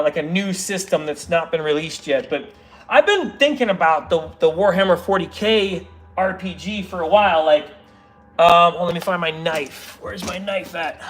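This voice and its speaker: A man's voice: sits high, a bit bright. A man chatting casually on a livestream while building models, rambling and interrupting himself as he reads comments.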